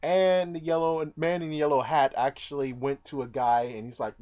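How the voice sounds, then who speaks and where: A man's voice: a little high, fairly quick. Rambling man recapping a movie. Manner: rambling, animated, acts out characters' lines. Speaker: movie reviewer.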